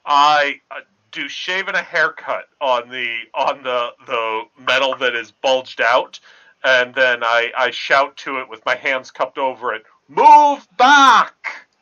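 Bright-voiced male player, muffled. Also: medium pitch, measured pace. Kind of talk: casual tabletop play.

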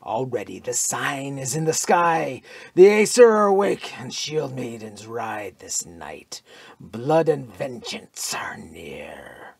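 A man voicing a giant, fanatical Norwegian in an audiobook, muttering low with hushed half-whispers. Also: very animated, unhurried, hardly any pauses, slightly rough, no echo, heavily acted. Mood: brooding, fanatical. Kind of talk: audiobook character voice.

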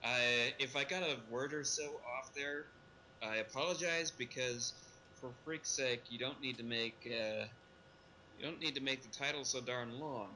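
A man's voice: medium pitch, moderate pace, pushed and bright, a little hiss or hum, low-quality recording. A man co-hosting a casual podcast discussion, rambling and correcting himself as he goes. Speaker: podcast co-host.

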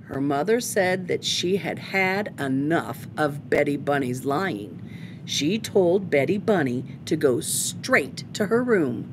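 Storytime reader, woman; unhurried, very expressive picture-book narration. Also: deep voice, noisy background. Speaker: storytime host. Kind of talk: children's picture-book read-aloud.

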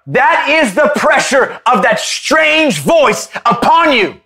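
A man preaching an impassioned Bible-study sermon, rising at times to a shout. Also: very high-pitched, lively intonation, measured pace, hardly any pauses.

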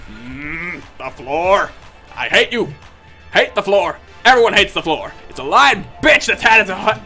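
A man doing angry gameplay commentary, ranting, yelling and cursing at the game, then muttering low under his breath between outbursts. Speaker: gaming video creator.

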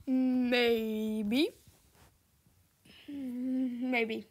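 A young woman giving casual, giggly commentary over her own gameplay, chatty and shifting between loud squeals and quiet mutters. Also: sits high, a little slow. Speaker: gaming video creator.

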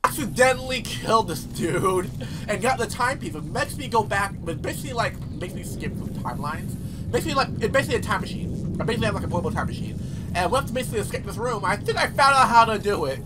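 A young man hosting a let's play, commenting excitably on his gameplay, laughing and swearing often. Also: high voice, quick pace, heavy background noise. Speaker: gaming channel host. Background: game music and sound.

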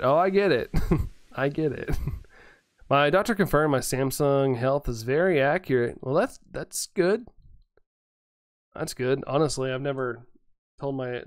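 A laid-back man chats through his game stream, greeting viewers by name and laughing at his own jokes. His voice is smooth and clear, recorded dry and close. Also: medium pitch, no room sound. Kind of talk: casual live-stream chat reading viewer messages.

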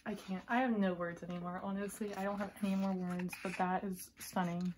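Girl flipping through a photobook and freaking out, mid-pitch voice, soft whispery bits, faint hiss behind. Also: fairly quick, few pauses. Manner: gushing, excitable, drops into breathy whispers. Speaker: vlogger unboxing a photobook. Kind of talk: casual unboxing commentary.

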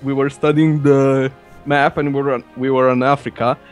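A man's voice: medium pitch, little pitch movement, normal speed. A young man, a native Romanian speaker, chatting casually with friends over a game, laughing and swearing in loose banter. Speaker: game commentator. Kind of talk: casual gaming chat. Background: game music.

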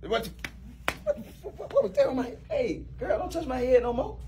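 A man playing a new boss in a comedy sketch, bossy, loud and teasing, with big swings in pitch. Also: wildly swooping pitch, normal speed, slight background noise.

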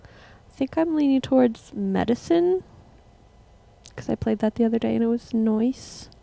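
A young woman musician casually chatting with her livestream viewers between songs, relaxed and rambling. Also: on the high side, a little slow, gravelly. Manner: relaxed, rambling, laughs at herself.

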